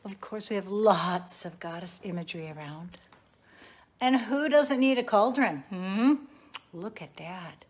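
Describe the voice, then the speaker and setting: A woman with a mid-range voice strolls through her small shop, leisurely and chatty as she shows off the goods. She talks slowly and takes her time, pointing things out one after another. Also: medium pitch, expressive. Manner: leisurely, chatty, warmly showing off items. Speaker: shop owner giving a store tour. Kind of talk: casual guided shop tour.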